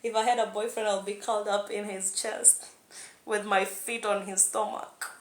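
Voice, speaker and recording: A woman's voice: medium pitch, level tone, moderate pace, a little hiss or hum. A young woman talking candidly in a rambling vlog monologue, laughing often. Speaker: vlogger. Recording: echoey room.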